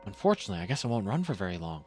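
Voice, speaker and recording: A man's voice: on the low side, very animated, rapid-fire, darkish tone, faint music behind. A young man streaming a video game, reading the dialogue aloud and chatting with wry asides.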